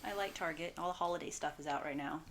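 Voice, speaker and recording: A woman's voice: low-pitched, fast talker, fairly bright tone. A young woman co-hosting a podcast, chatting casually and laughing easily. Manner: giggly, easygoing. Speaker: podcast co-host. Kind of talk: casual chat.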